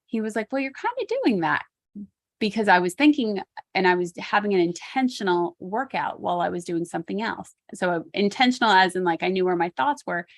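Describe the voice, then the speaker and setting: A woman's voice: medium pitch, brisk, dry recording. A woman guest-hosting a talk on self-care, encouraging and laughing often as she repeats key points. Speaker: guest host.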